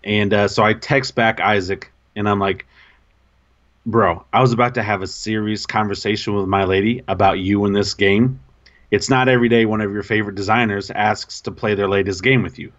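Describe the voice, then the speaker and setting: A man co-hosting a podcast, telling an embarrassing story in casual, animated, self-mocking chat. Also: lowish voice, fairly quick, highs cut off. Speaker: podcast co-host.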